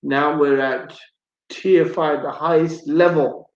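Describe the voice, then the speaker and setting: Slow, chatty male radio host. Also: a little high, steady tone, roomy sound, muffled recording. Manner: chatty, jokey, repeats words. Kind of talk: live radio talk show.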